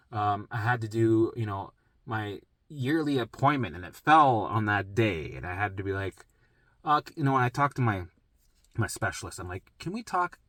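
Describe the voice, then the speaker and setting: Forceful, profane man telling his story. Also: fairly low pitch, dry recording. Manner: rambling, profane, emphatic. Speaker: vlogger sharing a health journey. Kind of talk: casual personal storytelling.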